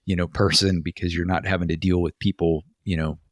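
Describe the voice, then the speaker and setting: A man's voice: deep voice, flat delivery, fairly quick, dry recording. A man co-hosting a podcast, a former police officer telling stories in a chatty way with many fillers and restarts. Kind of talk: casual podcast chat.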